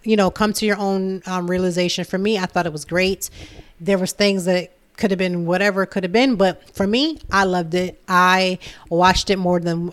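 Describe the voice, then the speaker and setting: A woman in her thirties talking candidly and from the heart about her own life, in a relaxed conversational way. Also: lowish voice, no echo. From Philadelphia area. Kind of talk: casual personal talk.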